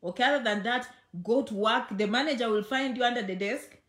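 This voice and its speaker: A woman's voice: a little high, fairly quick, a bit bright. A woman hosting a casual livestream chat from home, chatty and affectionate, often checking in with okay. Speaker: social media host. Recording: echoey room.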